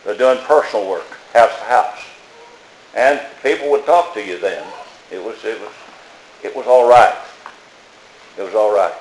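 A man's voice: lowish voice, moderate pace, long pauses. An older man preaching a folksy, plainspoken sermon, repeating his phrases as he tells stories. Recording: echoey room.

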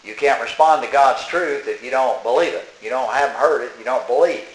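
A man's voice: medium pitch, fairly quick, reverberant, poor audio. A man reading a religious tract aloud and commenting on it as he goes, emphatic and scolding. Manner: emphatic, scolding, talks back to the text.

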